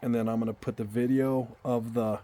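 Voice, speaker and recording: At night in a backyard, a man vlogs a personal story with a brisk, mellow, mid-range voice that barely shifts in pitch. He's casual, earnest and heartfelt, rambling along and often repeating or restarting his words.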